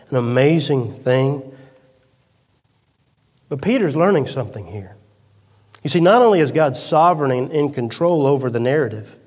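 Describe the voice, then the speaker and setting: Male pastor preaching in a reverberant church. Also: a little high. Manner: swings from loud emphatic peaks to hushed quiet storytelling. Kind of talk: sermon. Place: church sanctuary. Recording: long reverb of a church hall.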